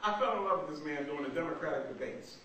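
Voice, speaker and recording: A young man doing stand-up comedy, telling stories in an animated, conversational way. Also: on the high side, very fast. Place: small black box theater. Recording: echoey theater from far off, noisy.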